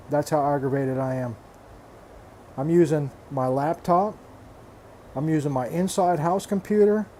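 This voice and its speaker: This reef aquarium hobbyist, an older man, unloads a frustrated casual rant on his vlog: blunt, exasperated, full of swearing, repetition and restarted phrases. The voice is fairly high and mellow, with slight background noise.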